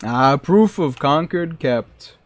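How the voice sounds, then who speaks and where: A man's voice: fairly high pitch, lively intonation, slow pace. A man streaming a modded game, chatting with his viewers and joking as he plays. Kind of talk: casual gameplay commentary.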